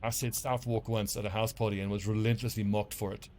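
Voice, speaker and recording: A man's voice: fairly low pitch, little pitch movement, quick pace, darkish tone, faint music behind. Rambling South African gamer guy. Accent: South African English. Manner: rambling, profane, self-mocking. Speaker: game streamer. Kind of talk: casual gameplay commentary.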